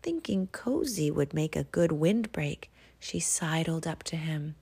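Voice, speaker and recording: A woman reading a children's storybook aloud in a soft, hushed voice that often drops to a whisper. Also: low-pitched, sing-song, measured pace, vocal fry, husky.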